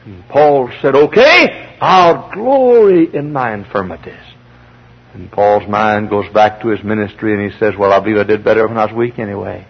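A gravelly, husky-voiced man preaches a revival sermon. He swings from shouting peaks down to hushed, slow pleas. It sounds like a dull, lo-fi old sermon tape. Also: on the low side, steady tone. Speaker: pastor.

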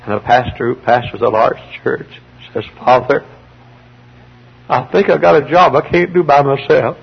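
A man pastor preaching a fiery sermon. He swings from shouted peaks to hushed, slow pleas. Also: mid-range voice, vocal fry, breathy edge. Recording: dull lo-fi archival sermon tape.

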